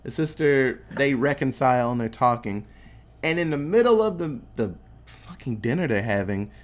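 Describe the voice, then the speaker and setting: A man's voice: medium pitch, normal speed. A man casually recapping a film plot, swearing freely and acting out the characters' lines as he tells it. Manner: animated storytelling, acting out quotes. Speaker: podcast co-host recapping a film. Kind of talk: casual chat, profane movie recap.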